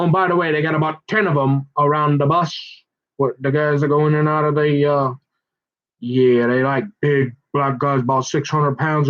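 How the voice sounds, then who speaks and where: A man talking in a rambling personal monologue, halting and restarting and often acting out bits of dialogue in a raised voice. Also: fairly high pitch, a bit bright, muffled recording. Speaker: vlogger.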